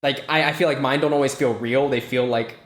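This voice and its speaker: Male podcast host, easygoing, laughs a lot, restarts sentences, mid-pitched, recorded in an echoey room. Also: brisk. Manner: relaxed, laughs often, stammering restarts. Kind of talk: casual podcast chat.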